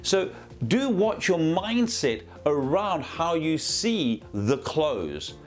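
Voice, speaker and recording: Speaking to the camera, a male business trainer gives a lively, conversational coaching talk and acts out little scenes as examples. His voice is on the high side and slow, with faint music underneath.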